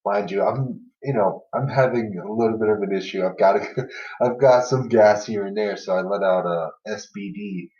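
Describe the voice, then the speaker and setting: A man's voice: fairly low pitch, lively intonation, normal speed, dark tone. Laid-back man telling work stories. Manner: laughs while telling stories, many "you know" and "everything else" fillers. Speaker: podcast host. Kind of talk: casual storytelling chat. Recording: echoey room, far from mic, dull lo-fi sound.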